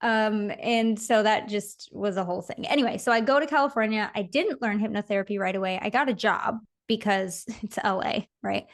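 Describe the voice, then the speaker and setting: A woman's voice: mid-range voice, normal speed, hardly any pauses. A woman in her thirties, a podcast guest, telling her story in a casual interview, laughing often and acting out her own inner voices. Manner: laughs often while talking.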